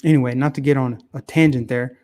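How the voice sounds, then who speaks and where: A man's voice: mid-range voice, fast. Opinionated man ranting on politics. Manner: opinionated, animated, repeats phrases for emphasis. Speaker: political commentary host. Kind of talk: casual talk monologue.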